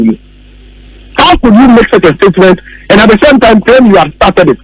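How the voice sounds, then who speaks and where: High-voiced Ghanaian man arguing politics. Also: animated, fairly quick, slight background noise, low-quality recording. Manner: emphatic, argumentative, repeats points. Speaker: political commentator. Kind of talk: radio political talk.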